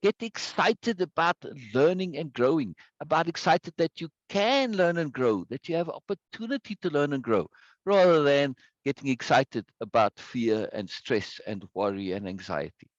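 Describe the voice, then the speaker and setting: Man, online course teacher, emphatic, repeats words, animated voice, dry dull sound. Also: on the high side, moderate pace, dry recording. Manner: greets viewers by name from chat. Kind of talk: live online lesson with chat.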